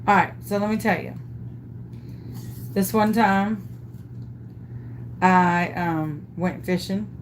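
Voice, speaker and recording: A woman's voice: fairly low pitch, slow, slight background noise. Chatty woman telling a story. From Louisiana. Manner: animated, chatty, self-amused storyteller. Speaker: craft vlogger. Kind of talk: storytelling while crafting.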